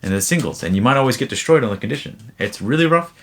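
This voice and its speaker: A man's voice: medium pitch, expressive, quick pace, a bit bright. A young man answering viewer questions in a casual, rambling way, full of fillers and restarts. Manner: rambling, frequent fillers and self-corrections.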